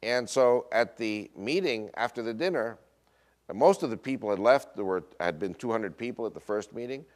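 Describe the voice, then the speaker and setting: An American man with a Northern US accent telling a personal story in a lecture, quoting others and often pausing on fillers. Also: lowish voice. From United States. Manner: animated retelling with quoted voices, frequent uh fillers. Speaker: speaker.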